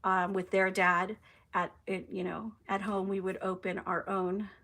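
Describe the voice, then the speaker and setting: A woman's voice: mid-range voice, little pitch movement, measured pace, fairly bright tone. A young adult woman casually chatting on a live stream, reading out viewer comments with plenty of "you know" and "um".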